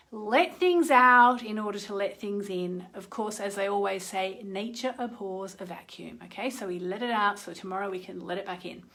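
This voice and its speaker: A woman's voice: mid-range voice, a bit bright. A middle-aged woman astrologer hosting a live session from her phone, talking in a chatty way and often checking in with "okay?". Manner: chatty, keeps asking "okay?". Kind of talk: live-streamed talk and guided meditation.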